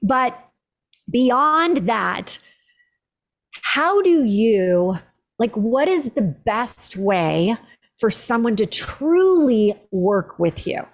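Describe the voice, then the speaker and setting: A woman hosting a podcast interview, telling a personal story in a lively conversational way, full of "like" fillers. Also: fairly high pitch, extremely slow. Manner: animated storytelling with many "like" fillers. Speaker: podcast host.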